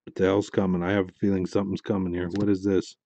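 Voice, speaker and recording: Ripping packs on a live break, a man shouts out his pulls and mutters quietly in between. He talks quickly, and there's no echo.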